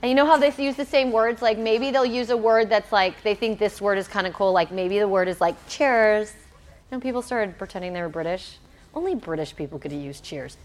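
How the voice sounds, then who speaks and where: A woman giving a playful talk to a youth audience. She jokes and keeps asking them questions. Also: medium pitch. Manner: playful, joking, quizzing the audience. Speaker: church youth speaker.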